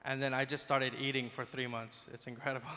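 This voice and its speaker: Bright-voiced comedian in an echoey hall. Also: male voice, medium pitch, flat delivery, moderate pace. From Dubai. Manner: chatty, self-deprecating, teasing the crowd. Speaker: stand-up comedian. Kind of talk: stand-up comedy with crowd work. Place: large conference hall. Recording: echoey hall with long reverb.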